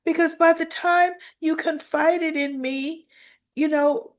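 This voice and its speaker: A woman's voice: sits high, fairly even intonation, slow pace, voice pushed up. A woman voicing a defensive woman pleading her case in a soap-opera scene she is retelling. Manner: earnest, raised and pleading.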